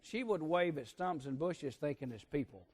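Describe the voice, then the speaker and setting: A man preaching a sermon, telling a folksy story and swinging between hushed and loud emphasis. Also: fairly high pitch, animated, normal speed, breathy edge.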